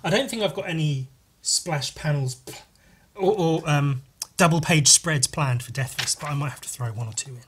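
A man hosting a podcast, over-caffeinated and chatting casually while flipping through comics. He rambles and swears, with jumpy, excited talk. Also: moderate pace, breathy edge. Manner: wired, rambling and profane, jumping in pitch. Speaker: podcast host and comic artist.

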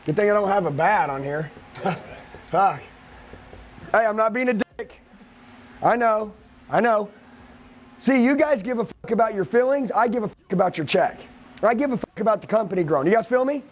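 A man with a high voice drives a live sales seminar for a room of trainees. He rants, swears and pushes them hard, with no letup in his pressure. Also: normal speed, long pauses, slight background noise. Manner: profane, aggressive, hyped-up lecturing.

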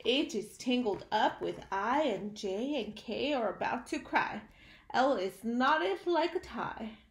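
Slow, animated woman reading a storybook. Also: on the high side, echoey room. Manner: slow and animated, asks the listeners questions. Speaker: teacher reading aloud to children. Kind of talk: storybook read-aloud for young children.

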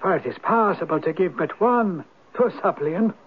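An ancient wise rock spirit. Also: male voice, high voice, expressive, normal speed, husky. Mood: instructing. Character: ancient Viking spirit turned Irish hermit, wise and teasing. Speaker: Old Man of the Rock. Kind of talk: 1970s radio drama acting. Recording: tinny lo-fi old radio broadcast.

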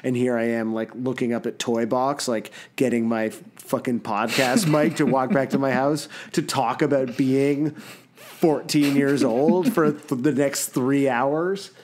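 A man's voice: medium pitch, steady tone, measured pace, darkish tone, slight background noise. A young man co-hosting a podcast, talking casually in a rambling way with many fillers and frequent laughs. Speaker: podcast co-host. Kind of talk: casual chat.

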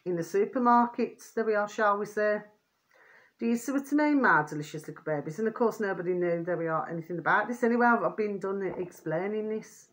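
Medium in pitch and a touch quick, this woman's voice belongs to a vlogger rambling at her viewers. She repeats herself, leans on pet phrases, often sounds irritated and vents, and keeps asking "do you see what I mean."

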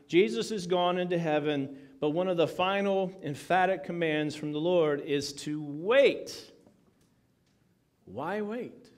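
A man's voice: a little high, slow. A man, a pastor, preaching a conversational sermon with jokes and frequent asides. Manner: conversational, joking, many asides.

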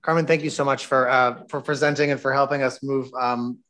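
A man's voice: mid-range voice, fairly even intonation, brisk, fairly bright tone, slight background noise. A man on a school board thanks the presenter and asks two-part questions, polite with a touch of dry sarcasm. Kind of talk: asking questions at a board meeting.

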